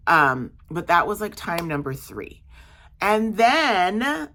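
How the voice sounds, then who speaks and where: A young adult woman vlogs about her day at a market stall, talking in a loose, animated way full of "um" and "like." Her voice sits slightly low but has a bright, forward edge. She tells it casually, as if talking to friends. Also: moderate pace. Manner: animated, chatty storytelling with many fillers. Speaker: market vendor vlogger. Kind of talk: casual storytelling vlog.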